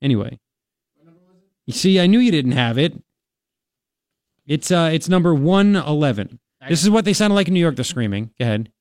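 A man hosting a talk radio show, mocking and sarcastic, with animated outbursts. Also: on the high side, normal speed, pauses often.

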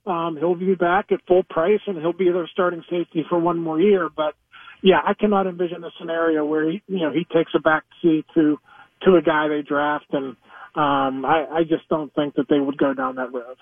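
A man, a sports reporter guest, talking in a measured, hesitant way in a radio interview over the phone. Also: a little high, steady tone, breathy edge, no room sound. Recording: tinny phone line.

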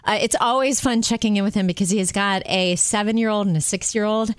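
A woman hosting a casual radio chat show, chatty and quick to laugh. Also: mid-range voice, no echo, studio quality. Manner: laughs often, lively and chatty.

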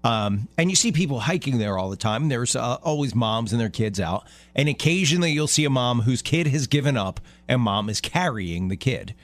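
A male co-host chats casually and trades jokes, laughing easily. His pitch moves around a lot, giving his speech a lively, bouncing tone. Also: dry recording, soft background music. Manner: playful, joking, quick to laugh. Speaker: radio co-host. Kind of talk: casual chat.

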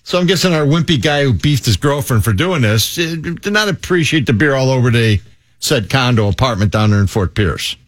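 A man with a Chicago accent tells news stories in loose banter. His pitch swings widely as he laughs and slips into voices for the people he quotes. The mic is close and dry, with no room sound. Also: animated, brisk, no echo. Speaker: podcast co-host.

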